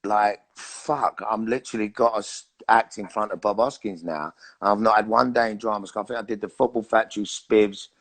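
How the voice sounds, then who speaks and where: A middle-aged man with a London accent, an actor telling animated anecdotes in a casual interview and swearing freely. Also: lowish voice, brisk, few pauses. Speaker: actor and guest.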